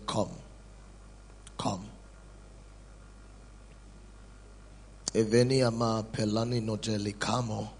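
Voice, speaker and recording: A man leading worship as a psalmist, praying softly with slow, repeated words of adoration. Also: fairly low pitch, husky. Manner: slow, hushed, repetitive adoration. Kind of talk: soft spontaneous worship prayer.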